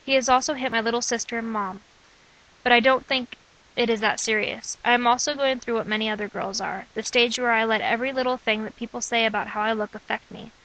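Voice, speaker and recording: A young woman reading aloud from her own diary in an earnest, steady way. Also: fairly high pitch, fairly quick, rough recording. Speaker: narrator of own testimony.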